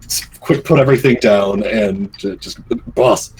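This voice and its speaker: A man narrating as game master in a halting, filler-heavy way. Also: fairly low pitch, expressive, gravelly, a little mellow, a little hiss or hum, poor audio.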